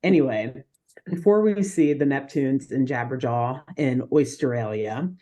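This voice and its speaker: A woman co-hosting a podcast, recapping a cartoon episode in an animated, laughing chat. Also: extremely low pitch. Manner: animated, laughing, quick asides. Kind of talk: casual chat.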